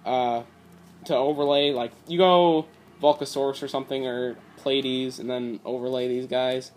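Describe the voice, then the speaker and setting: A man's voice: medium pitch, steady tone, moderate pace, a little hiss or hum. Young male hobbyist, casual rambling delivery, slightly strained voice, tablet recording. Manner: rambling, many fillers and "like". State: strained voice from talking a lot. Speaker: card game deck reviewer. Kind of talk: casual deck profile talk.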